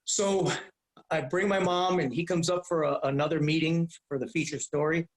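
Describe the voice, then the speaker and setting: Middle-aged male podcast guest, high-pitched, lively storyteller, roomy echo. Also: normal speed. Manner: animated, profane, repeats himself. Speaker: guest, comedian. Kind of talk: casual storytelling.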